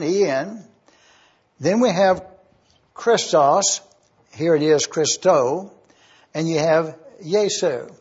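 A man preaching an expository sermon as pastor, teaching slowly and emphatically with deliberate repetition of key words. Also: high-pitched, a little mellow, breathy edge. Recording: dull lo-fi sermon recording.

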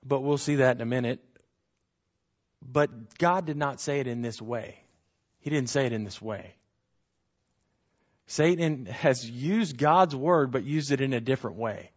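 A man giving a conversational Bible teaching, animated, asking rhetorical questions and acting out the quotes he reads. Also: medium pitch, measured pace, pauses often, dull audio.

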